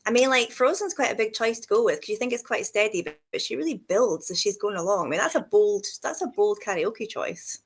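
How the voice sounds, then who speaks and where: A woman hosting a casual livestream interview, bubbly and quick, laughing often and poking fun at herself. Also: medium pitch, animated, slightly rough. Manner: bubbly, quick, self-deprecating, laughs a lot. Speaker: host.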